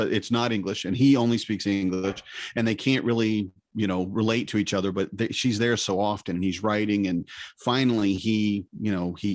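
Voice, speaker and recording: A man co-hosting a podcast in casual chat, retelling a film with animated quoted voices. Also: fairly low pitch, dry recording, clean studio sound. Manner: animated storyteller who acts out quoted lines. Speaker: podcast co-host.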